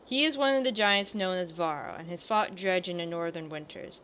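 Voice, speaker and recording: At normal speed, a woman with a low, fairly bright voice plays through a video game, with a little hiss or hum on the recording. This let's play gamer casually reads the dialogue, mostly without voices, and offers commentary along with the occasional curse.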